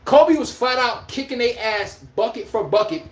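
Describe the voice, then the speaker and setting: A man's voice: very high voice, moderate pace. A man hosting his own podcast, ranting about basketball with profanity and rhetorical questions, speaking. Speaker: podcast host. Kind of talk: ranting sports commentary. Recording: echoey room.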